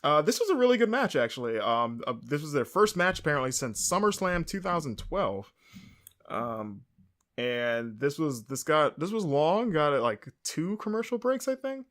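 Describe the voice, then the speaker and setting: A man's voice: a little high, very animated, moderate pace, fairly bright tone. A man hosting a podcast, casually recapping a show on his own, rambling with lots of fillers and mid-sentence corrections. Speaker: podcast host.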